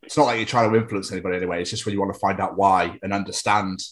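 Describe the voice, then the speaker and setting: A man's voice: low-pitched, steady tone, racing. A man co-hosting an interview podcast, easygoing and agreeable, laughing along with the guest. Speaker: podcast co-host. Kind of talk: casual interview chat.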